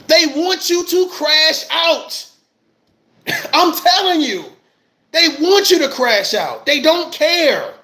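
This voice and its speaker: A man's voice: extremely high pitch, animated, slow pace, pushed and bright. A man, an army veteran, giving heated livestream commentary, ranting with passion and repeating his phrases.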